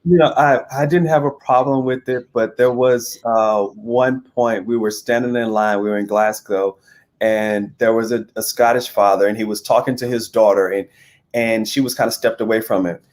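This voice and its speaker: A man's voice: lowish voice, steady tone, normal speed. Interview guest, American man, candid and chatty, stumbles over his words. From United States. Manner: stammering restarts, candid and chatty. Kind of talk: casual interview chat.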